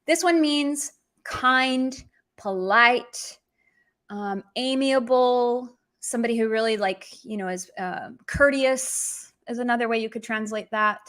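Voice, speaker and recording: A woman giving an online language lesson in a slightly high voice. She explains things in a chatty, informal way and slips into sarcastic tones to act out her examples. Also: slow, fairly bright tone. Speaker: language teacher.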